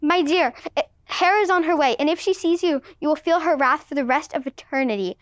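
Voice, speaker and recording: A woman playing the sneaky king of the gods in a student class play, smooth-talking but flustered and full of excuses. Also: high voice, a little fast, close to an everyday voice.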